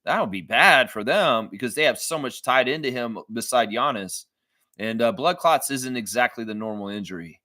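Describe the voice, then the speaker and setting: A man's voice: medium pitch, moderate pace, dry recording. A man hosting a casual live basketball reaction stream, talking loosely, swearing freely and acting out what others said. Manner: animated, swears freely, acts out quotes. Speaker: sports fan livestream host.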